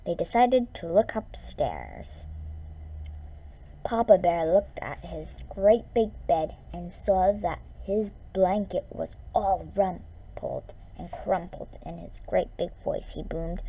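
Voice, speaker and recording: Woman reading a bedtime story, slow and lively in pitch, mellow tone, muffled recording. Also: gravelly. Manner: expressive, drawn-out reading. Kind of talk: storybook read-aloud.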